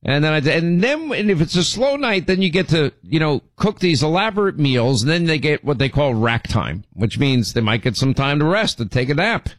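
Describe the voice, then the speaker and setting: A man's voice: a little high, sing-song, moderate pace, few pauses, dry recording. A middle-aged man hosting a show, telling rambling stories and teasing his co-host in casual banter. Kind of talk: casual on-air storytelling.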